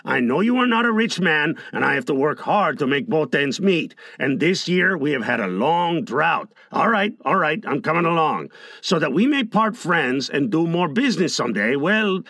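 A man's voice: very animated, moderate pace, bright, forceful tone, no echo, studio quality, exaggerated voice. A man playing a sly old haggling trader. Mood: wheedling. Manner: wheedling, theatrical bargaining with big pitch swings.

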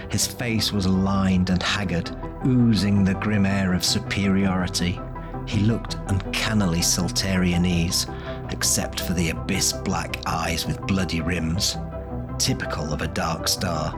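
A man narrating a fantasy audiobook in a measured, descriptive way. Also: deep voice, fairly even intonation. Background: faint music.

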